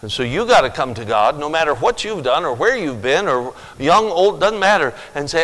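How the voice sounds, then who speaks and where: A pastor preaching a sermon and telling stories, swinging from loud, emphatic lines to quiet asides. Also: male voice, a little high, sing-song, normal speed, few pauses, in a large hall, rough recording. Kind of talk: sermon with storytelling.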